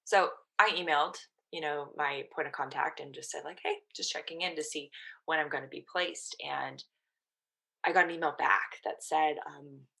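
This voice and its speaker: Woman in her thirties, podcast guest; low, forceful voice, lively story-driven delivery. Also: moderate pace, vocal fry. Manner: animated, quotes her own past thoughts. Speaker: guest, mental performance coach. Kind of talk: casual storytelling in a podcast interview.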